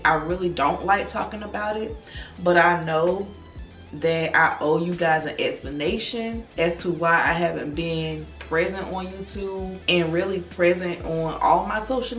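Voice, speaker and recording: A grieving woman in her thirties speaks slowly in a low, subdued voice, confiding in her viewers. She sits back from the microphone in a roomy space, and faint music plays underneath. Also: recorded from a distance. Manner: slow, soft-spoken, confiding, calls listeners girl and y'all. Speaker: vlogger. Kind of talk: personal direct-to-camera talk.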